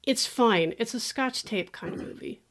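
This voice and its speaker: A woman hosting a podcast, chatting casually about a movie, animated and laughing often. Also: fairly high pitch, normal speed. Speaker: podcast host. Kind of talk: casual movie-review chat.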